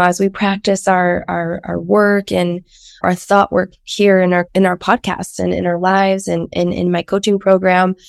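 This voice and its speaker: A woman's voice: mid-range voice, vocal fry, a little mellow, no room sound, clean studio sound. A woman in her thirties who is a little sick, hosting her life-coaching podcast in a chatty way with frequent restarts. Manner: chatty, many restarts and fillers, laughs often. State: sick, slightly husky. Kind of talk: casual podcast monologue.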